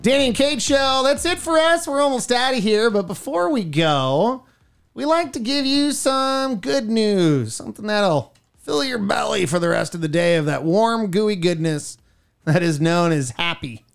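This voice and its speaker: A woman's voice: mid-range voice, expressive, creaky, clear, resonant tone, soft background music. A woman co-hosting a radio show, chatting and joking in a playful, teasing way. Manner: playful, teasing, quick jokes. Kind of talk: casual morning radio banter.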